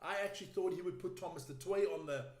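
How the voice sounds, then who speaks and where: A man with a high voice, talking in brash, teasing chat and cursing as he pleases. He sounds like he is in a roomy space with a noticeable echo. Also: quick pace, a little mellow. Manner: brash, teasing, swears freely. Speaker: podcast co-host. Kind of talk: casual chat.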